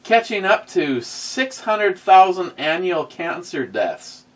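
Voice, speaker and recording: A man's voice: high-pitched, sing-song, slow, distant mic. A man hosting a casual livestream, reading viewer comments aloud with sarcastic, rambling asides and many fillers. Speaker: host reading live chat.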